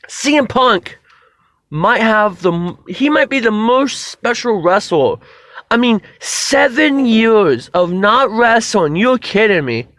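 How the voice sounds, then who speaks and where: A man with a high voice rambles excitedly through a wrestling review, stopping to restart and tossing in casual profanity. His voice is close-miked and dry, without any echo or surrounding room sound.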